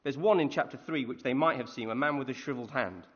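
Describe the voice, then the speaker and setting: A man preaching a conversational sermon, animated, often asking his listeners questions. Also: medium pitch, fast talker. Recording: echoey hall, dull lo-fi sound.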